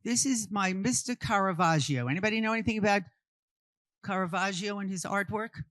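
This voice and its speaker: A woman's voice: medium pitch, a little fast, fairly bright tone, no room sound. A woman from Brooklyn, giving an interactive art history talk and firing questions at her audience before answering them. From Brooklyn, New York. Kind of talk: interactive talk to a live group.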